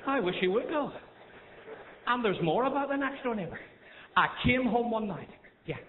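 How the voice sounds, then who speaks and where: A Northern Irish comedian fires off one-liners to a live crowd, coaxing them in between jokes. His voice sits high, and the sound is tinny and narrow, with a long hall reverb and a noisy background. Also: expressive. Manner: chatty, coaxing the crowd, rapid gag delivery. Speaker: stand-up comedian. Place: large theatre stage. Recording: echoey theatre, tinny thin sound, noisy. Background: audience laughter.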